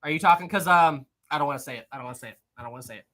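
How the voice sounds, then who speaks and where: A man's voice: a little high, racing, bright, forceful tone. A young man hosting a live history quiz stream, reading chat aloud, teasing viewers and laughing often.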